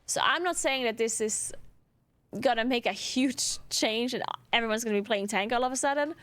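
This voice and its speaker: A woman streamer talks through her views in a relaxed, casual way. Her voice sits a little high, and she hedges often, tossing in "like" and "right?" as she thinks out loud. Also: normal speed. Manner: thinking aloud, hedging, many "like" and "right?".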